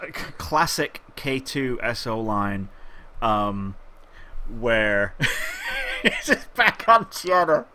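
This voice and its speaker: Male co-host, bright lively voice, animated casual film chat. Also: mid-range voice. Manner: animated, retells scenes with laughing bursts. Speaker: podcast co-host.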